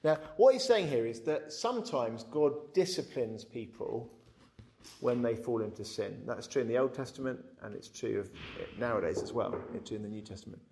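A man giving a conversational Bible teaching, frank and lively, often repeating his words as he talks. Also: medium pitch, normal speed, a little hiss or hum. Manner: frank, animated, repeats words, acts out quotes.

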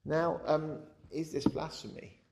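A man giving a conversational Bible teaching, frank and lively, often repeating his words as he talks. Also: a little high, a little slow, gravelly, noisy background. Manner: frank, animated, repeats words, acts out quotes.

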